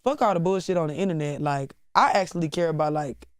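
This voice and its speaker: A woman's voice: low voice, quick pace, dry recording, studio quality. A woman rapper as interview guest, talking candidly in casual chat, swearing freely and turning dramatic at times. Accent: Southern US.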